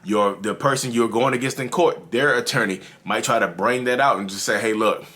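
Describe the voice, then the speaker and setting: A man's voice: medium pitch, brisk, sharp tone. A man from North Carolina with a Southern drawl, talking earnestly and repetitively to his viewers as the host of his own channel. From North Carolina, USA. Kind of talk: casual advice monologue.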